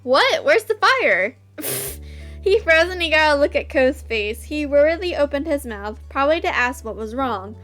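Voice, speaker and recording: A woman's voice: sits high, animated, a little fast, hardly any pauses, a bit bright, faint music behind. A woman host reading a visual novel aloud, breaking off into giggly, gushing asides.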